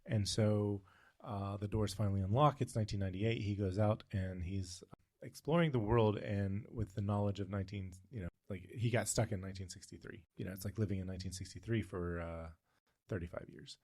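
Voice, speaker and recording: A man's voice: fairly low pitch, brisk, darkish tone, dry recording, studio quality. A man co-hosting a casual podcast, telling a long story with frequent tangents and fillers. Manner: rambling, goes off on tangents, many fillers. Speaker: podcast co-host.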